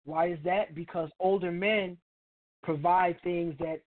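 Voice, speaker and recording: A man's voice: high-pitched, steady tone, measured pace. Blunt profane man on a tinny line. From Chicago, United States. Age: middle-aged. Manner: blunt, profane, street slang. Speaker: radio show host. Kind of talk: opinionated monologue.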